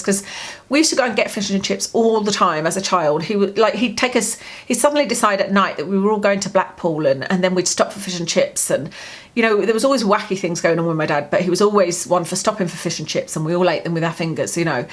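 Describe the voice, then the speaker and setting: A woman speaking to camera from home in a personal diary vlog. Her voice sits at a middle pitch, and her storytelling is candid and rambling, looping back with plenty of fillers. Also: fast. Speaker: vlogger.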